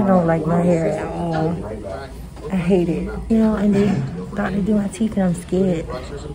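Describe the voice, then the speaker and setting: A hoarse woman with laryngitis chatting candidly and swearing freely in a casual vlog to her phone camera. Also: mid-range voice, dark tone. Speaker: vlogger.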